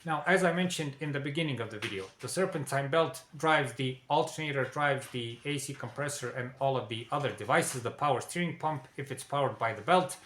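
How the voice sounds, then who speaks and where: A man's voice: mid-range voice, fairly bright tone, echoey room. A man presenting a car repair lesson, walking viewers through warning signs step by step, often checking in with "okay?" and addressing "dear viewers". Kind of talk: instructional explainer.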